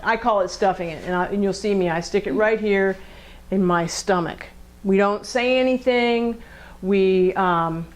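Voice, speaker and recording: Woman counselor leading a group session, conversational, questions the room, acts out angry voices. Mid-pitched. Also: poor audio. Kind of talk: interactive group lesson.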